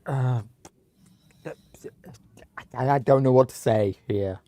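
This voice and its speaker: A man's voice: medium pitch, takes it slowly, warm tone, a little hiss or hum. A man hosting a livestream, chatting casually and reacting with exasperated disbelief. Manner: exasperated and incredulous. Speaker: livestream host. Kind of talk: casual live reaction chat. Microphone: headphones.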